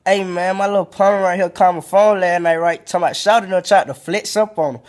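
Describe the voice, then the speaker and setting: A man's voice: high voice, steady tone, fast. A young man with an Atlanta accent telling a rambling, slangy story in a comedic skit.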